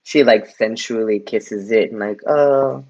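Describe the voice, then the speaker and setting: A man's voice: fairly low pitch, normal speed. A man guesting on a podcast, chatting casually and wryly about a movie. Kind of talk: casual movie-review chat. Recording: dull lo-fi sound.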